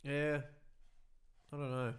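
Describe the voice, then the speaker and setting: A young man chats on a podcast in an easy, laid-back way. He laughs often and swears casually, and his voice sits at a middling pitch. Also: little pitch movement, slow pace, a little hiss or hum. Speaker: podcast co-host. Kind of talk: casual chat.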